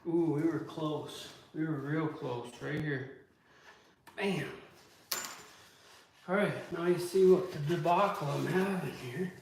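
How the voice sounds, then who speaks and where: A man casually talking to camera while building cabinets, rambling and swearing, with loud groans and outbursts. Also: a little high, takes it slowly, gravelly, long pauses, a little hiss or hum. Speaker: woodworker vlogger. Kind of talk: casual workshop talk to camera.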